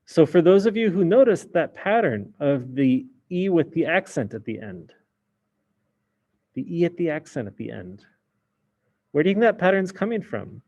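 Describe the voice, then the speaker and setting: A man's voice: a little high, sing-song, moderate pace, darkish tone. A man teaching a French class in a casual explaining way, with many fillers. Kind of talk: recorded class lesson.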